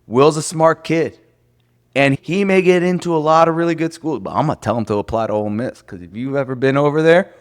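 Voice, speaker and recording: A man's voice: a little high, fairly quick, clear, resonant tone. A man co-hosting a casual podcast, brash and joking, with free swearing. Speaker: podcast co-host, lawyer. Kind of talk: casual chat.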